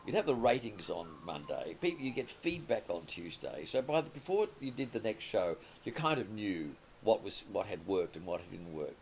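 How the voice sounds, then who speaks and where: A man's voice: lowish voice, big pitch swings, normal speed, hardly any pauses, darkish tone, a little hiss or hum. Older Australian man, rambling anecdotes. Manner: rambling anecdotal storytelling with frequent restarts. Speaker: interview guest, comedy writer and producer. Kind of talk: conversational interview.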